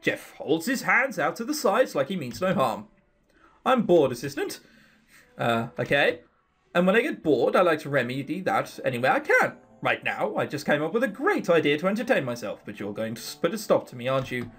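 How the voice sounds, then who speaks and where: A man's voice: a little high, huge pitch swings, fairly quick, fairly bright tone, breathy edge, full character voice. A man voicing a smug, scheming young man who loves mischief, in a sly, drawling voice.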